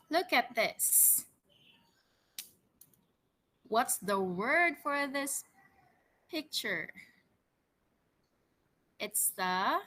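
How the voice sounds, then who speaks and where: A woman teaching English words to children and reading them a story, prompting slowly and repeating each word. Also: on the high side, pushed and bright. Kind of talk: vocabulary lesson and storytelling for children.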